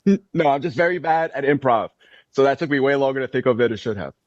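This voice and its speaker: A man bantering on a livestream in an animated, self-mocking, jokey way. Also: mid-range voice, fast, no room sound, muffled recording. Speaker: streamer on a livestream.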